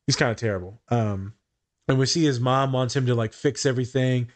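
A man's voice: medium pitch, fairly quick. Fields: Sex: man. Role: podcast therapist. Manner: casual, swears freely. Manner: swears freely, quotes others in animated voices, repeats words.

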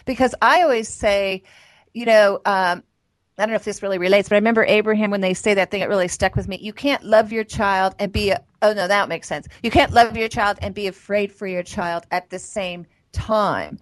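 A woman's voice: medium pitch, a little fast, no echo. Woman co-host A reflective woman in casual faith conversation, chatting with loose fillers as she thinks aloud. Her voice sits mid-range and sounds dry and close to the mic. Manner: reflective, chatty, many "like" and "you know" fillers. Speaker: podcast co-host. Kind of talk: casual spiritual chat.

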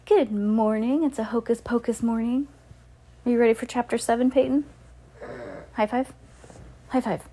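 A woman's voice: a little high, fairly even intonation, normal speed, long pauses, dark tone. A woman hosting a kids' reading podcast, reading a storybook aloud with playful asides to a child. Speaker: podcast host reading to kids.

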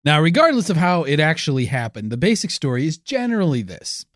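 A man's voice: fairly high pitch, sing-song, fairly quick, a bit bright, no echo, clean studio sound. A man co-hosting a comedic history podcast, telling the story with wry, teasing asides. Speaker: podcast co-host.

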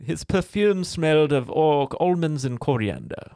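A man putting on a weird, high, theatrical accent to voice a fussy, creepy clergyman suitor. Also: lively intonation, unhurried, warm tone, no room sound, studio quality. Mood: smarmy. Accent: put-on odd period accent.

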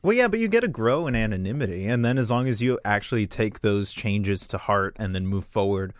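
A man's voice: on the low side, animated, a little fast, no room sound. A man, a stand-up comedian, telling a story in a casual podcast chat. He rambles with lots of restarts and fillers and swears freely.

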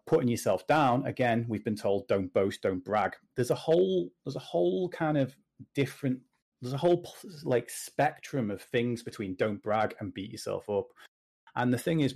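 A British man speaking as a guest in a casual interview, animated and joking as he gives advice. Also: mid-range voice, creaky. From Britain. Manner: animated, jokey, talks in quick asides. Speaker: podcast guest, confidence coach.

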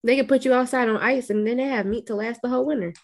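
A woman's voice: on the high side, fairly even intonation, racing. Blunt, wisecracking woman co-host. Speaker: podcast co-host. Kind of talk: casual horror movie recap chat.

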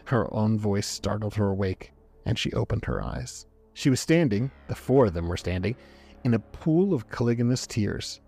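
Low, husky male storyteller. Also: big pitch swings, normal speed, warm tone. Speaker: narrator. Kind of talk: storybook reading. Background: faint background music.

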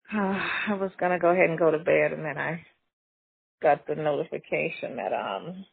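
A woman chatting casually on a live stream call, relaxed and unhurried, sighing between phrases. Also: low voice, creaky, slightly rough, no echo. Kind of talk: casual phone chat. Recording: tinny phone line.

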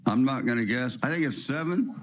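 A man hosting a spiritual radio show, with a raspy voice and the sniffles from a cold. He talks in a preachy, rambling way, firing rhetorical questions and restarting his sentences. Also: mid-range voice, lively intonation, a little fast, a little hiss or hum.

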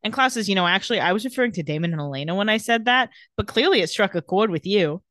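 A woman's voice: medium pitch, animated, fast talker, a bit bright, dry recording. A young woman co-hosting a casual chat, retelling TV scenes and quoting the characters. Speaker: podcast co-host recapping a TV episode.

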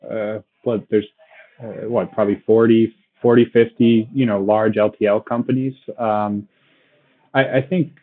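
Man in an interview, lower voice, halting and chatty, thin phone-line sound. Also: level tone. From Boston area. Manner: many restarts and "right?" tags, laughs often. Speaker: logistics company guest. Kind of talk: casual interview talk.

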